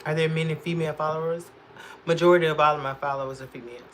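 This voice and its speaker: A woman's voice: low-pitched, fairly even intonation, very fast, a little hiss or hum. A woman hosting a casual makeup livestream, chatting with viewers, answering their comments and laughing often.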